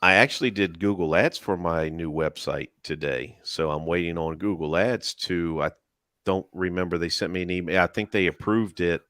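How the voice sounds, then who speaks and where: A man's voice: deep voice, moderate pace, a bit bright, dry recording. A man co-hosting a live panel chat, telling stories in a dry, rambling way and laughing between lines. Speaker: YouTuber and live panel co-host. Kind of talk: casual chat.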